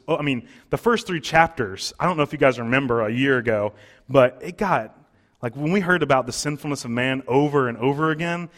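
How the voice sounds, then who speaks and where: A pastor delivering a Sunday sermon in a relaxed, conversational way. He talks at a middle pitch and stops to restart phrases and say "uh" as he thinks. The speech is plain and unscripted. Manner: conversational preaching with fillers and restarts.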